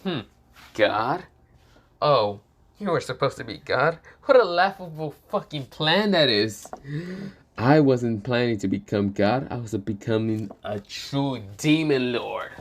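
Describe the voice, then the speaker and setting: A man voicing a sinister, smug young male demon lord who drawls his words slowly and mockingly. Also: mid-range voice, darkish tone, natural voice. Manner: slow, drawn-out mocking delivery.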